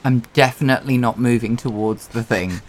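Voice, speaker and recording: A man's voice: mid-range voice, fairly quick, a little hiss or hum. Dry-humoured male player. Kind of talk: playing a tabletop role-playing game.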